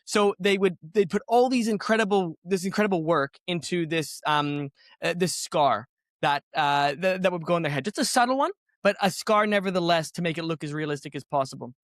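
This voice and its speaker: A man with a high voice for his sex, musing over ideas in an easy podcast chat. He circles back and restarts as he thinks aloud, and the close mic leaves no room sound. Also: a little fast, fairly bright tone, no echo. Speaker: podcast guest. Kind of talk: casual conversation.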